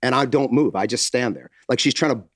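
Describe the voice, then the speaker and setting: A middle-aged man, a podcast co-host, is telling a story, jumping into the voices of everyone involved and cursing freely. His pitch sits at a normal middle range. He is close on a dry mic. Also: brisk, no room sound. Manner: animated storyteller, acts out quotes, swears freely. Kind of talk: casual chat, storytelling.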